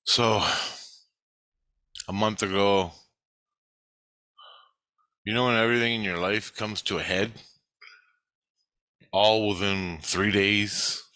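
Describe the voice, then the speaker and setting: A man's voice: on the low side, fairly even intonation, slow pace, pauses often, pushed and bright, no echo. A middle-aged man rambling through a blunt, profane personal monologue about his spiritual life. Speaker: spiritual vlogger.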